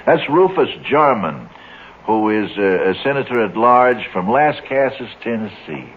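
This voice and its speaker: A relaxed male radio host trading jokes with his guests, chuckling easily and letting his voice rise and fall freely. The sound is thin and tinny like an old phone line, with a faint hiss under it. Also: medium pitch, a little slow. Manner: chuckling, easygoing. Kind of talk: casual on-air banter. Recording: tinny, hissy 1960s radio broadcast.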